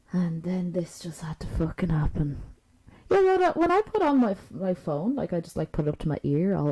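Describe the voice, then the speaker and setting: A woman's voice: fairly low pitch, warm tone, rough recording. A woman chatting on a livestream in a rambling, profane, self-mocking way, frustrated with her gear and talking into a new desk microphone. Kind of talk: rambling casual stream chat. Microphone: new desk microphone with knobs.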